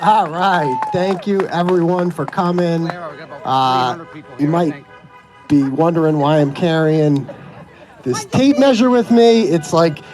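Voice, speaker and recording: A man's voice: on the high side, slow, loud music behind the voice, over a noisy crowd. A man giving an impassioned, sarcastic speech at an outdoor street protest. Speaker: protest speaker.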